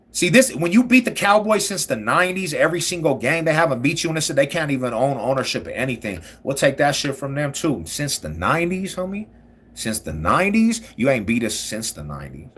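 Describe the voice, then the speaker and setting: A man hosting a live stream, talking loud, boastful trash about sports rivals in slangy banter. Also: mid-range voice, big pitch swings, fairly quick, slightly rough.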